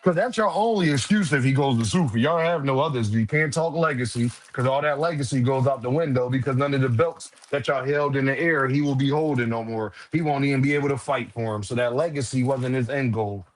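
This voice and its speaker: A man hosting a casual live boxing stream, loose and profane, teasing viewers and shouting out donors. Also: medium pitch, fairly quick, few pauses. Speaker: livestream host.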